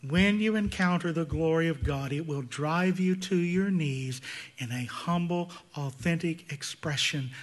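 A man preaching a sermon, swinging between loud emphatic peaks and hushed, intense passages. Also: on the high side, measured pace. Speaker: pastor.

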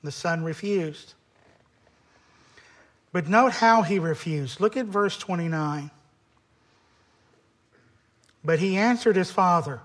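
Man, preacher, sermon, emphatic repetition, slow pace, high pitch. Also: fairly bright tone.

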